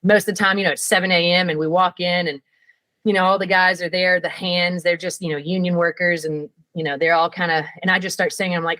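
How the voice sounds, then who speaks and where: A woman tells stories from her working life as a podcast guest. She talks in an animated, chatty way, full of "you know" and quick restarts. Her voice sits fairly low and sounds close and dry. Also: no room sound, poor audio. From Georgia, US. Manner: lively, animated, many fillers. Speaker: guest, production director. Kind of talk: casual interview storytelling.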